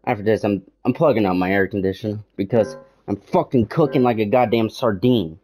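A man's voice: fairly low pitch, brisk, a little mellow, slight background noise. A young man gaming in his bedroom, ranting in frustration and swearing constantly as he plays. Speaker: gamer. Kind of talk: let's play commentary. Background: game music.

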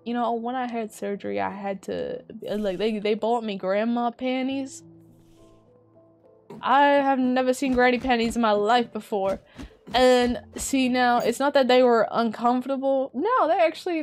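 A woman's voice: a little high, moderate pace, faint music behind. Chatty woman streamer with a raised voice. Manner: chatty, swears at the game, bursts of exclamation. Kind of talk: casual gaming commentary.

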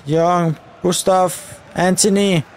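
A young man giving live commentary over a football video game, shouting at the referee in frustrated outbursts. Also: high-pitched, steady tone, takes it slowly, a little hiss or hum. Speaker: gaming YouTuber.

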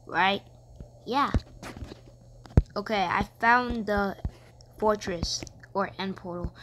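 A woman giving excitable game commentary, shrieking and cursing often. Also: mid-range voice, slow pace, pauses often. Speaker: gamer. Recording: noisy recording with clicks.

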